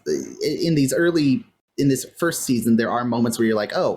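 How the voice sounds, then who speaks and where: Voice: mid-range voice, a little mellow, breathy edge. A podcast co-host casually recapping a TV episode, talking in a loose, rambling way full of filler words. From California. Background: faint fan or air-conditioner hum.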